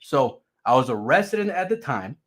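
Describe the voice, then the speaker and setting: A man's voice: medium pitch, normal speed. A man telling a personal story in a casual, profane and dramatic way. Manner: profane, animated, dramatic retelling.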